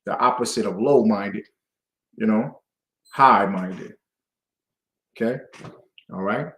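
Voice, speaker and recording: A man teaching a scripture class to a group, lively and conversational, acting out the voices he quotes. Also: lowish voice, slow, reverberant. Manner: lively, call-and-response, acts out quoted voices.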